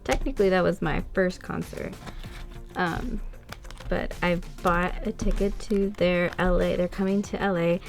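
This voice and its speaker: A young woman from the United States in a casual unboxing chat, chatty and gushing, with excited gasps and laughs. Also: on the low side, unhurried, gravelly, faint music behind. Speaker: vlogger.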